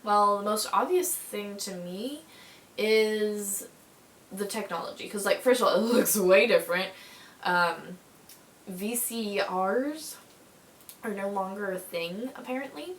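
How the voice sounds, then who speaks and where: A young woman vlogging to camera, telling childhood stories in a chatty, animated way with lots of fillers and bursts of laughter. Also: medium pitch, unhurried, slight background noise. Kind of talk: casual storytelling to camera. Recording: echoey room.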